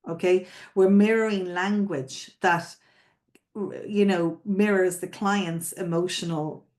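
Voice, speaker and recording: In a fairly low, darkish voice with rather even intonation, a woman slowly walks florists through sales techniques. She keeps it conversational, checking in with listeners and repeating herself often.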